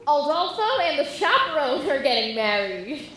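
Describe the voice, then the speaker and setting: A woman's voice: high-pitched, big pitch swings, moderate pace, pushed and bright, heavily acted. A woman playing a glamorous young showgirl bride. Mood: flustered. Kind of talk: stage musical performance. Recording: echoey hall, audible noise.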